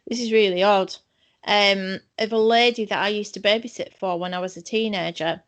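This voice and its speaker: A woman's voice: medium pitch, fairly even intonation, moderate pace. A woman, hosting a casual chat and recalling a memory in a thoughtful, hesitant way.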